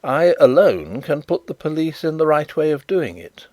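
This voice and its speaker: A man reading an audiobook, voicing a good-humoured, shrewd male detective with measured delivery. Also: fairly high pitch, sing-song, a little mellow, no echo, voice pushed up. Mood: firm. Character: urbane blind male detective, genial and shrewd.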